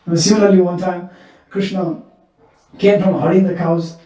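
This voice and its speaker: A man's voice: high voice, fairly even intonation, moderate pace, warm tone. Man preaching in an echoey temple. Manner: repetitive, earnest storytelling. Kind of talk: sermon storytelling. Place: temple hall. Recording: echoey temple hall, mic far off.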